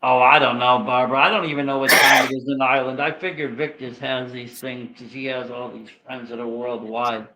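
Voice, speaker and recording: A man's voice: medium pitch, level tone, brisk, hardly any pauses, highs cut off, heavy background noise. A man from Massachusetts with a Boston accent, co-hosting a casual late-night chat with joking, profane banter. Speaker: co-host.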